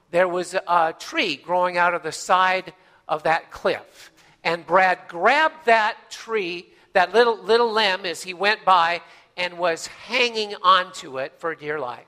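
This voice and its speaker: A man's voice: high voice, bright, forceful tone, big-room sound. A man preaching a sermon as pastor, in a folksy, conversational way with many fillers and restarts.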